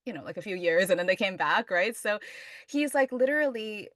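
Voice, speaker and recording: A woman's voice: medium pitch, lively intonation, brisk, a bit bright, dry recording, studio quality. A woman hosting a casual podcast conversation, rambling with lots of fillers. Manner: rambling, heavy on fillers like "like" and "you know".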